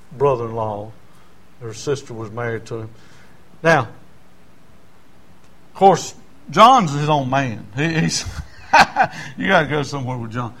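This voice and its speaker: A man's voice: mid-range voice, a bit bright. A male preacher, telling stories in a sermon in a folksy, stammering way. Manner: folksy, stammering restarts, chuckles. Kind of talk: storytelling sermon.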